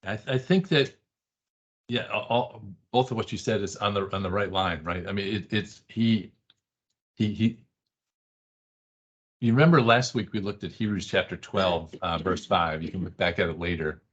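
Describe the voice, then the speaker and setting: A man with a low, husky, slightly bright voice teaches Bible study at a moderate pace, heard through a dull, lo-fi classroom recording. He keeps things conversational and emphatic, repeating short phrases and regularly asking the class "right?"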